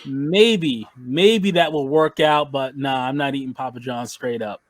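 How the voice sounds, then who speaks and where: A man's voice: medium pitch, a little slow, no echo. A man co-hosting a podcast, ranting and joking in casual banter. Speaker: podcast co-host.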